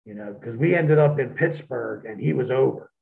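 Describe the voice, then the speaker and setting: Gravelly man on a tinny phone line. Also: mid-range voice, moderate pace. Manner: profane, animated storytelling. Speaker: wrestler guest. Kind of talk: storytelling in an interview.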